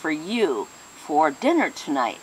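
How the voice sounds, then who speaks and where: A woman's voice: sits low, sing-song, measured pace, slight background noise, rough recording. A woman voicing an eager, cheerful male priest who cooks, in a told joke.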